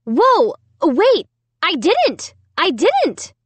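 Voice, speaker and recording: A woman's voice: wildly swooping pitch, very slow, no echo, full character voice. A woman voicing a frantic young girl. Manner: pleading, high and shaky. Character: frantic young girl, sister being blamed.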